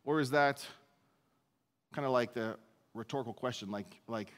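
A man's voice: mid-range voice, normal speed. Conversational male pastor in a reverberant hall. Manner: conversational, self-deprecating asides. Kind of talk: sermon, verse-by-verse teaching.

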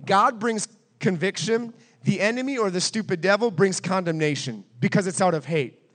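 A man's voice: high voice, normal speed, fairly bright tone, in a large hall. A man preaching a sermon as pastor, emphatic and repetitive, with rhetorical questions to the congregation.

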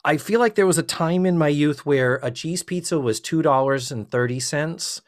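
A man's voice: on the high side, moderate pace. Casting: fifties man from Massachusetts, podcast co-host, chatty and joking, easy pace. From South Shore of Massachusetts. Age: 50s. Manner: chatty, joking, reading from notes. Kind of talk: casual chat.

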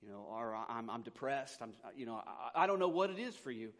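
A man, a pastor, preaching a conversational sermon that swings between loud emphasis and quiet, intimate asides. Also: medium pitch, big pitch swings, quick pace. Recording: long hall reverb.

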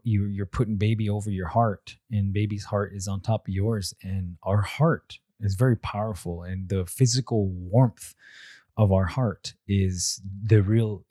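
A young father speaking in a measured way, often repeating words as he gathers his thoughts while sharing family traditions. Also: fairly low pitch, fairly even intonation, darkish tone, no echo, clean studio sound. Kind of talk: reflective talk.

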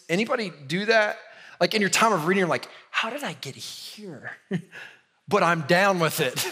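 A man in his thirties preaching a sermon in a church, talking casually and animated, often asking the congregation questions. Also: fairly high pitch. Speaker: pastor.

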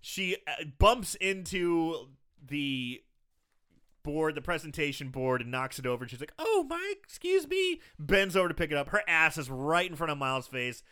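A man co-hosting a podcast, casually retelling a film's scenes with animated storytelling. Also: a little high, normal speed, clear, resonant tone. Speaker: podcast co-host. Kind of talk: casual movie recap chat.

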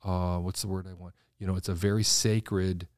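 A man, a designer guest in an interview, telling stories in an animated way and acting out the voices of people he quotes. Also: low voice, normal speed, dry recording, studio quality. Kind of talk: conversational interview storytelling.

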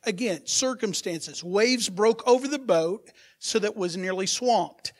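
A man preaching a sermon as pastor, asking his congregation rhetorical questions and swinging from soft asides to loud, emphatic bursts. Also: sits high, lively intonation, measured pace.

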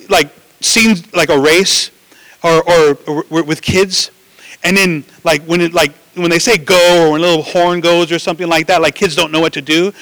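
A man preaching a sermon in an animated way, with frequent restarts and asides to the listeners. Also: high voice, no room sound, poor audio. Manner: animated preaching, acts out voices, many restarts and "right?".

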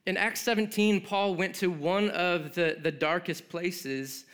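A man's voice: high voice, fairly even intonation, a little slow, fairly bright tone, clean tone. A male pastor preaching a sermon in a conversational way, with joking asides and frequent "like" fillers.

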